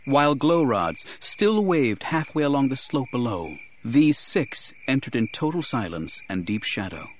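A man giving measured, grave first-person audiobook narration. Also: medium pitch, very animated, slight background noise.

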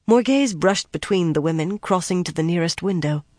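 An audiobook narrator reading a fantasy novel in an even, steady manner on a close studio mic. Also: medium pitch, moderate pace, no room sound.

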